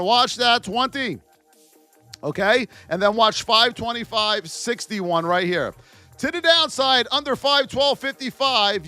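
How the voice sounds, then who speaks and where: High, lively trading host joking with chat. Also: male voice, dry recording. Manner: energetic, jokey banter with viewers between price levels. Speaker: trading educator. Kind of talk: live-stream market commentary.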